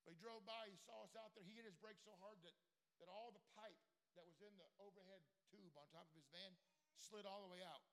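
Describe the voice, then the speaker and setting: A man preaching a sermon as pastor, moving from quiet storytelling to shouted, fervent preaching. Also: high voice, a little fast.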